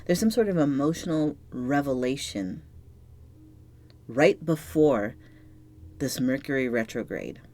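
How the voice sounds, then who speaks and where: A woman giving a solo tarot reading to camera, talking softly and reflectively, sometimes dropping to a near-whisper as she searches for words and sounds moved. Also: extremely low pitch, expressive, measured pace, pauses often. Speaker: tarot reader.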